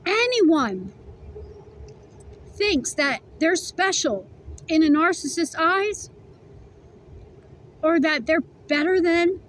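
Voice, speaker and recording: Blunt, high-voiced woman reading tarot. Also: lively intonation, slow pace, long pauses, a bit bright, slight background noise, low-quality recording. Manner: blunt, profane, emphatic, chewing while talking. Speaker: tarot reader. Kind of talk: casual tarot reading vlog.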